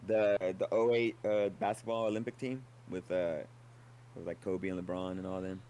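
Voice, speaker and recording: A man's voice: sits low, steady tone, normal speed, dark tone. A man as a guest on a livestream chat, talking in a laid-back, rambling way with lots of fillers and casual swearing.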